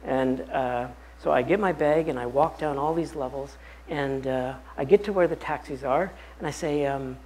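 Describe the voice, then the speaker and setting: A man, a pastor, telling a personal story during a bible study talk in an animated, anecdotal way. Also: mid-range voice, normal speed, a little hiss or hum, low-quality recording.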